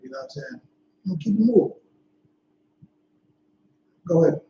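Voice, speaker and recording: A man's voice: high voice, animated, moderate pace, dark tone, slight background noise. A man leading a Bible study in a laid-back, slangy way, often saying "you know what I'm saying.". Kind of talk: casual scripture teaching. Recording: dull echoey livestream audio.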